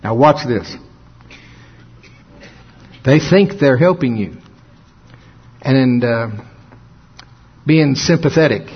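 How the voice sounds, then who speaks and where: A man preaching a folksy sermon, often laughing and slowing down for dramatic emphasis. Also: fairly high pitch, slightly rough. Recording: dull lo-fi sound.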